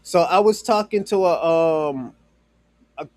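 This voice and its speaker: Speaking slowly in a fairly high, darkish voice, a man streams live with no room sound in the audio. His casual chatter rambles, restarts often, and is packed with fillers and free swearing as he addresses a viewer in chat.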